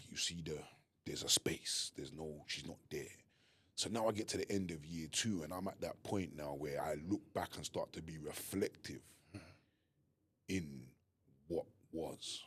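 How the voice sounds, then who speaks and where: A man co-hosting a podcast, talking earnestly and emphatically with halting restarts. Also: a bass voice, a bit bright, slightly rough. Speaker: podcast co-host. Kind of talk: candid conversation.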